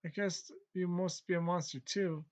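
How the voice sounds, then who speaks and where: An actor playing a surly young man who hunts heroes, gruff and scornful, given to cursing. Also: high voice, steady tone, normal speed, lightly acted. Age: young adult.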